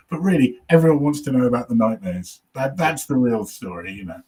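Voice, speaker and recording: A man's voice: a little high, animated, a little fast, few pauses, darkish tone, slightly rough. A man, a comedian, telling anecdotes in casual chat, swearing freely and acting out what other people said. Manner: chatty storyteller, swears, acts out audience voices. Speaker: comedian guest.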